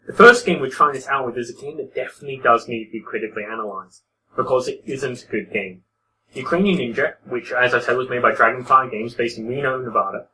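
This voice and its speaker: A man's voice: medium pitch, pushed and bright, recorded from a distance, slight background noise, low-quality recording. A man giving casual, critical commentary over gameplay footage, talking conversationally and often restarting his sentences. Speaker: game reviewer.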